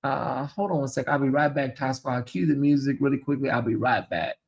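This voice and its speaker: A man hosting a casual livestream, sassy and animated, often mimicking voices. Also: medium pitch, a little fast, creaky. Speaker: host.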